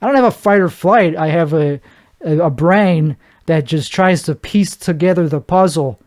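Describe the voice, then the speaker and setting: A man's voice: fairly high pitch, normal speed, a little mellow. A man hosting a solo podcast, rambling from one thought to the next in a joking, self-deprecating way. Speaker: podcast host.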